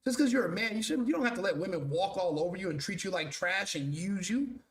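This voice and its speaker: A man's voice: sits high, lively intonation, fast talker, roomy sound. A male show host delivering a blunt, profane, mocking commentary rant.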